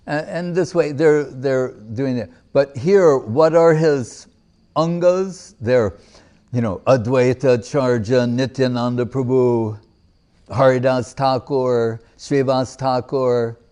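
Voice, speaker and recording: A man's voice: mid-range voice, warm tone. A man giving a devotional lecture to a live audience as a spiritual teacher, reciting verses, explaining them, and asking rhetorical questions with light humor.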